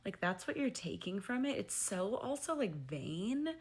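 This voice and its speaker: A woman's voice: mid-range voice, very animated, a little slow, husky. A woman giving casual commentary on a reality show, hedging with lots of "like" as she lists her points. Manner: hedging, full of "like", listing points.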